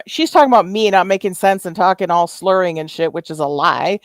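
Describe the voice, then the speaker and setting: A woman's voice: on the low side, fairly quick, hardly any pauses, no echo. Combative woman, dry close sound. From Canada. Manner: combative, profane, sarcastic. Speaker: YouTube commentary host. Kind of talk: reaction commentary livestream.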